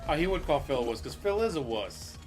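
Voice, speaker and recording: A man mocking a streamer in dry, sarcastic asides, his voice a little high and moving a lot. Music plays clearly beneath him. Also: big pitch swings, fairly quick. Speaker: commentary host. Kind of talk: sarcastic commentary over a stream.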